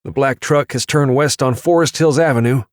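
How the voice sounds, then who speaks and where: In an audiobook, a man voices a tough, terse tactical police officer, giving the lines an urgent, clipped, commanding delivery. His medium-pitched voice is close to everyday speech but pushed up, at normal speed, with clean studio sound and no echo.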